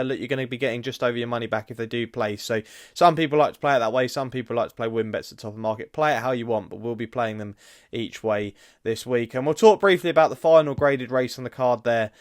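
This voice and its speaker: Bloke co-hosting a racing tips show, rattles off odds, chatty, dead dry mic. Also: male voice, mid-range voice, no echo. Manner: lists odds briskly, chatty asides. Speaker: racing tipster co-host. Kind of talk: casual racing preview chat.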